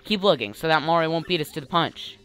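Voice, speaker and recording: Woman doing a scheming villain sorcerer, low and cold, barking orders with clipped authority in a game. Nothing cartoonish about it, just a flat, icy boss giving commands. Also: fast. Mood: commanding.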